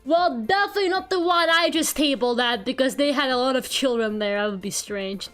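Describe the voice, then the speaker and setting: A woman's voice: sits high, fairly quick, a bit bright, faint music behind. A young woman streaming as a VTuber while she draws, chatting casually with viewers, giggling often and swearing now and then, her throat a little sore from a cold. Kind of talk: casual live-stream chat while drawing.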